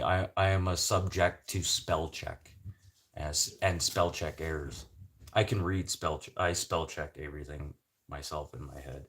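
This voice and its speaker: A Canadian man with a low voice hosts a casual livestream chat, swearing freely and rambling from topic to topic with sudden loud bursts.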